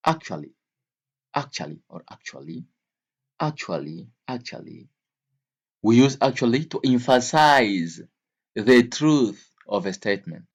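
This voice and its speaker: A man teaching English vocabulary to learners, speaking slowly and repeating each word and example several times. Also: mid-range voice, big pitch swings, muffled recording. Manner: slow, repeats words and examples.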